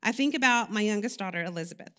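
A woman's voice: mid-range voice, lively intonation, quick pace, pushed and bright. A woman, giving a personal, conversational sermon in a church, candid and confessional, with frequent fillers and self-corrections. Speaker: lay preacher.

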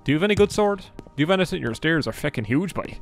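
A man's voice: a little high, animated, quick pace, creaky, soft background music. A man casually commentating as he plays a video game, joking, swearing freely and chatting to the characters on screen. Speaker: gaming YouTuber. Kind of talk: casual Let's Play commentary.

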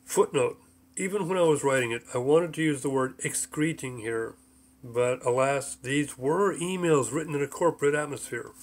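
A man's voice: medium pitch, moderate pace. A man reading his own book aloud as audiobook narration, with mild voice shifts for the characters.

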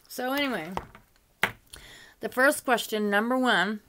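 A woman's voice: on the high side, measured pace, noisy background. An older woman chatting casually to camera as a beauty vlogger, rambling along with frequent asides. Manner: chatty and rambling, with frequent "you know" asides and light laughs.

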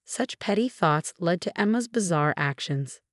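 Lowish dry female story narrator. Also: expressive, unhurried, no echo. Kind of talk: scripted first-person story narration.

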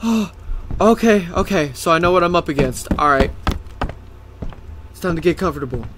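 A man's voice: fairly high pitch, expressive, normal speed, background noise. A young man commentating a horror game, jumpy and swearing, often panicking. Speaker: gaming YouTuber.

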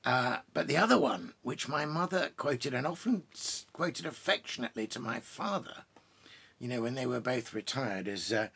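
A man with a gravelly, slightly husky voice talks casually from a home study full of bookshelves. He rambles as a poet introducing readings, breaking off, restarting and adding asides. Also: mid-range voice, pushed and bright. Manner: pausing for pipe and drinks while talking. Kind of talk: casual chat introducing poems.

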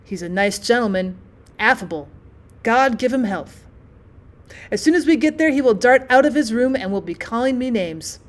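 A woman's voice: on the high side, animated, normal speed, close to an everyday voice. A woman reading the part of an anxious old peasant turner who mutters, pleads and rambles. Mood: coaxing. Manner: pleading, rambling, self-pitying.

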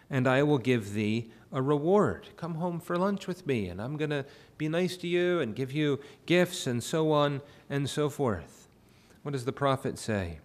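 A male pastor preaching a sermon in a church. He works verse by verse through a Bible passage and rises to impassioned pleading. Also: mid-range voice. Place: church sanctuary.

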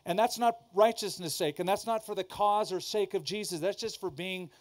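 A pastor preaching to a congregation, emphatic, repeating key lines and asking the audience questions. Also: male voice, high-pitched, normal speed. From Southern California. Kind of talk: sermon. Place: church before a congregation.

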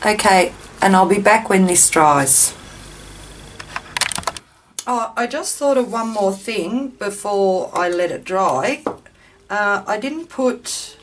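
Chatty woman crafting at home. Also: mid-range voice. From Australia. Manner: chatty, self-deprecating, thinks aloud. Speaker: craft video host. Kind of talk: casual chat while crafting. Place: home craft room with ceiling fan running. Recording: distant mic, faint fan noise.

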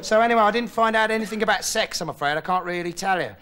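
An actor playing a dim, rambling young male TV investigator in a sketch comedy monologue, deadpan, jumping up high when he quotes people. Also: fast talker, close to an everyday voice. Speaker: comic character monologue. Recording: noisy old TV recording with loud studio audience laughter. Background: studio audience laughing.

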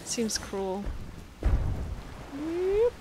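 An American woman chatting casually as she plays a game on a live stream, self-deprecating and quick to giggle. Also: high voice, sing-song, noisy background. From United States. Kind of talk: casual gameplay commentary.

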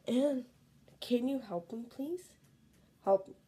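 A woman vlogging in casual, excitable chatter, pleading and dropping into whispers. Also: fairly high pitch, slow, noisy background.

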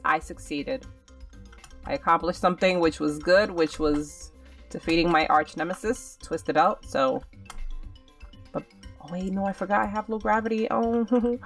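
A woman's voice: lowish voice, a bit bright, far from the mic. A young woman doing casual game commentary, chatty and dramatic, talking straight to her viewers while she plays. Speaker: gaming channel host.

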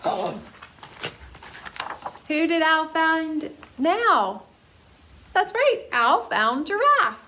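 A woman's voice: very high-pitched, big pitch swings, a little hiss or hum. A woman who is a children's librarian, leading a toddler story time in a coaxing sing-song style. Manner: slow, bright sing-song, coaxing little listeners.

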